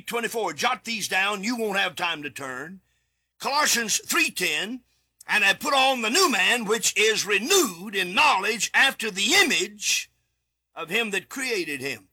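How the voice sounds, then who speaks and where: List: male preacher, studio sermon, slow deliberate delivery, lively swooping pitch, emphatic shouts. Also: slightly rough. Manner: emphatic, repeats key words, bursts into shouts. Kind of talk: studio sermon with scripture reading.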